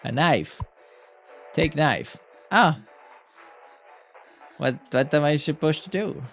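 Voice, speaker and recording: Animated, swearing male game streamer. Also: fairly high pitch, slow, vocal fry, soft background music. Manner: excitable, swears, reacts loudly to the game. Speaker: gaming streamer. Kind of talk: live gameplay commentary.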